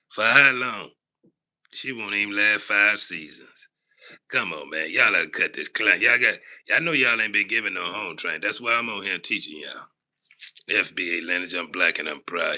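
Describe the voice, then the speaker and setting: A man ranting on his live stream in a very bright, sharp-edged voice. He preaches and scolds, dropping from low grumbles to raised calls. He keeps tacking "boy" onto his lines. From Southern United States. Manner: big swings between low grumbling and raised shouting. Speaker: livestream host.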